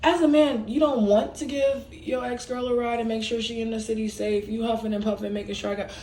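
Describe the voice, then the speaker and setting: A young woman venting to her viewers in a frustrated, animated way, speaking. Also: fairly high pitch, fairly quick. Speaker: vlogger. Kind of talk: casual venting monologue. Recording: echoey room, some distance from the mic.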